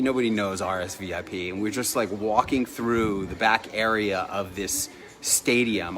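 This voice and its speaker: A man telling a personal story in a chatty, lively way, laughing now and then. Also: fairly low pitch, unhurried. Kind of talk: casual storytelling.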